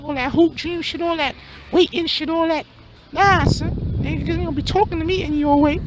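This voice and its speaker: A man voicing a loud, scornful male street hustler in a comedy skit, brash and yelling. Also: very high voice, steady tone, fairly quick. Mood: scornful, angry. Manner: brash, yelling, swearing constantly. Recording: dull lo-fi, faint hum.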